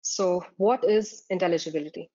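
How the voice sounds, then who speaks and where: A woman's voice: fairly low pitch, normal speed, mellow. A woman tutor giving a slide-based lecture, explaining terms step by step with frequent "uh" fillers. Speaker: exam tutor. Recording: dull lo-fi recording.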